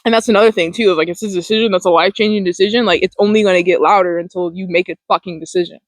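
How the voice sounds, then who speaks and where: A woman's voice: fairly low pitch, steady tone, very fast, dry recording, rough recording. A woman hosting a mindfulness talk, speaking in a loose, rambling way with lots of "like" and the odd swear word. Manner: rambling, full of "like" fillers and casual swearing. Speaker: mindfulness podcast host. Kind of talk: casual motivational talk.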